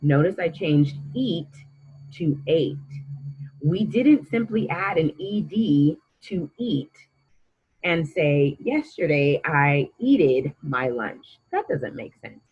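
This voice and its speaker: A woman's voice: on the low side, animated, slow, slightly rough, highs cut off. A woman teaching a grammar lesson to children, patient and encouraging as she quizzes the listener.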